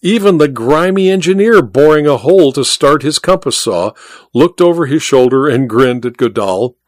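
A man narrating an old-fashioned story as an expressive audiobook reader. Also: a little high, moderate pace, dry recording, clean studio sound.

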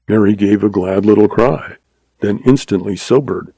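A man narrates a western novel with steady storytelling. His voice is gravelly and dark with a husky grain. The recording is dry and close. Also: on the low side, moderate pace, no echo, rough recording. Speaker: audiobook narrator.

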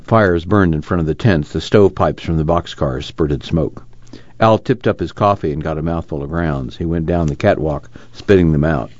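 Deep male audiobook reader, dull dry sound. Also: moderate pace, a little mellow, no echo. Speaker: audiobook narrator. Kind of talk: audiobook narration.

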